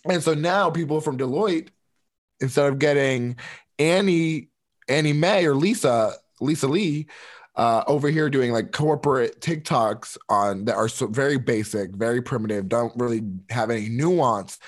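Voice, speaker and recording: A man co-hosting a podcast in casual chat, talking in an animated way with frequent restarts. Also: mid-range voice, normal speed. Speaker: podcast co-host.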